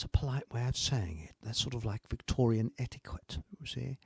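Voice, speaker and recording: Gravelly older man hosting. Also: mid-range voice, a little fast, few pauses, dry recording. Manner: rambling, salty, chuckling. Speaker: host of a live online talk show. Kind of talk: casual live-stream chat and joke telling.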